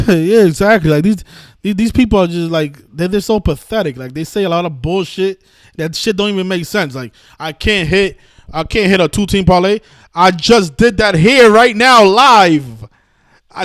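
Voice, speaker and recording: High-voiced man ranting on a live stream. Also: no room sound, clean studio sound. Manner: combative, cursing, repetitive restarts. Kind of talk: heated live-stream rant.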